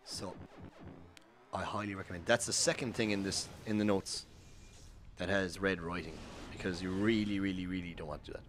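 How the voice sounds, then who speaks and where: A man's voice: deep voice, steady tone, normal speed, a bit bright, slight background noise. An Irish man giving casual, rambling speedrun commentary over gameplay, full of fillers and self-corrections. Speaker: streamer.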